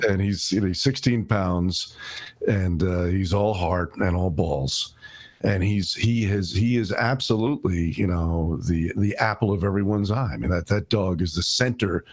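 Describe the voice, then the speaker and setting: A man in casual chat, telling stories in a lively, expressive way. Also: low voice, moderate pace, no echo.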